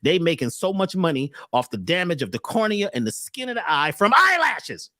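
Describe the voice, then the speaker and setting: Brief: preachy motivational man, punning and cursing, lively swinging delivery, dry close sound. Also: a little high, moderate pace, no room sound. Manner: animated, preachy, punning and profane. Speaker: speaker and workshop teacher. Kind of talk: motivational lecture on a call.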